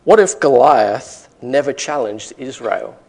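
A man's voice: mid-range voice, animated, slow, darkish tone. Emphatic male preacher. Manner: emphatic preaching with rising rhetorical questions. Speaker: pastor. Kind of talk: sermon.

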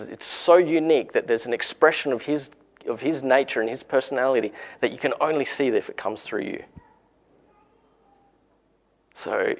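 Man, australian accent, gravelly voice, conversational sermon, encouraging storyteller. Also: mid-range voice, a little mellow. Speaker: preacher.

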